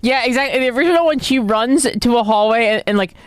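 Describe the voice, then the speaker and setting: A woman's voice: fairly high pitch, fast, clear, resonant tone, no room sound. A woman streaming a game, chatting casually and joking with viewers.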